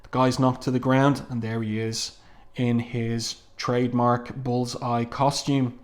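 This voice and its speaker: Enthusiastic man reviewing comics casually. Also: mid-range voice. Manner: enthusiastic, conversational, with frequent ums.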